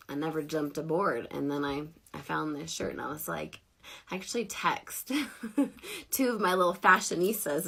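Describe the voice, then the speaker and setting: Woman in her thirties, bright tone, slightly low pitch, giggly casual livestream chat, tired. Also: slightly rough. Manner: giggly, chatty and self-deprecating. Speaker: network marketing livestream host.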